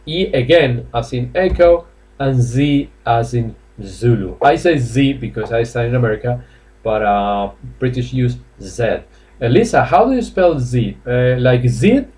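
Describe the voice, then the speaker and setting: Spanish-accented man, mid pitch, teaching an online English class, chatty, coaxing students. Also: animated, a little slow, darkish tone. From Spain. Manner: chatty, coaxing, laughs often, many fillers. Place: classroom or office indoors.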